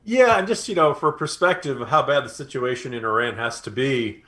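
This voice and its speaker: An animated man co-hosting a political talk podcast. He rambles through his points with restarts and fillers, and he often slips into mocking put-on voices to mimic the people he criticizes. His voice sits at an ordinary middle pitch. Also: fairly quick. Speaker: podcast co-host. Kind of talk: casual political commentary.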